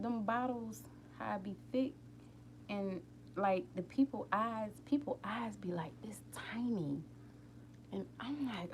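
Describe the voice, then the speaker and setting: A woman hosting a casual live stream from home late at night, rambling warmly and talking straight to her viewers about healing and feelings. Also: mid-range voice, slow pace, creaky, slight background noise. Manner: openly emotional, tearful at times. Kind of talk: casual inspirational chat.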